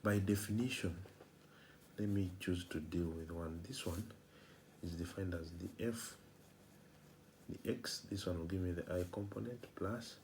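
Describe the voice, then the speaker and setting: Male lecturer explaining math, deep and gravelly, repetitive with rhetorical questions. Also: darkish tone, a little hiss or hum. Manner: repeats phrases, asks rhetorical "what?" questions.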